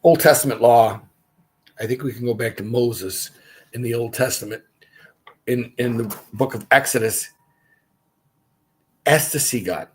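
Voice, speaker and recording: A man's voice: mid-range voice, measured pace, long pauses, breathy edge. A man hosting a casual livestream Bible study, reading scripture aloud and stopping for chatty asides.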